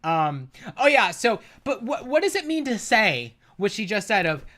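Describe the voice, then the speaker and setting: A livestreamer reacts to a debate clip, ranting with profanity, exasperation, and loud sarcastic outbursts. The voice is medium-pitched with big pitch swings and a moderate pace.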